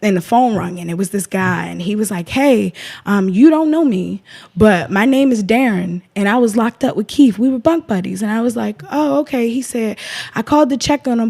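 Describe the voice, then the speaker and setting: A woman's voice: on the high side, a little mellow. A woman, speaking as a guest in an emotional interview, impassioned and defiant, often retelling what others said.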